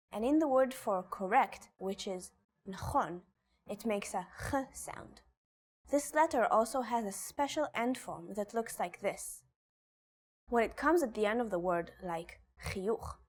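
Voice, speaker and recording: Language teacher, woman, unhurried and precise, mid pitch. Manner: slow, careful pronunciation of example words. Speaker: Hebrew teacher. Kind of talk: scripted language lesson.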